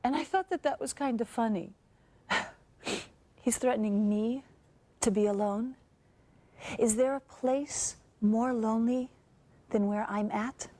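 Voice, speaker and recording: A young actress performing a theatrical monologue as a woman recounting her abusive relationship, halting and wistful. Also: fairly high pitch, mellow. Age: young adult. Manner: halting, wistful, with nervous laughs and sighs.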